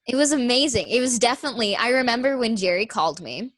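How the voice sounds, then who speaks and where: Chatty young woman, excited. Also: a little high, quick pace, no room sound. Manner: excited, chatty, full of fillers. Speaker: guest, stage actress. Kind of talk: casual chat.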